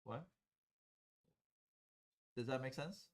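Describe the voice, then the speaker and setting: This calculus teacher speaks extremely slowly in an ordinary mid-pitched voice. He's relaxed and conversational at the board, talking through each step and often pausing to ask the class whether it makes sense.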